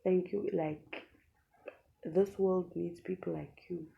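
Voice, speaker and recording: A young South African woman vlogger telling a dramatic story in a lively, animated way, in a dull lo-fi recording. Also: on the low side, slow pace, creaky. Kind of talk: storytime vlog.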